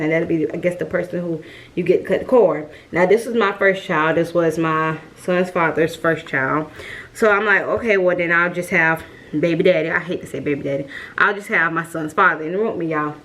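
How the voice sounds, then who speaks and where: Chatty young woman. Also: on the low side. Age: young adult. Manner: chatty, addresses viewers as y'all, lively retelling. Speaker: vlogger. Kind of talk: casual storytime vlog.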